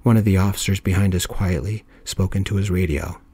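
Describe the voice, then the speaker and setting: A man narrating a story in a calm, soft-spoken ASMR style. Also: low-pitched, a little fast, breathy edge, no room sound.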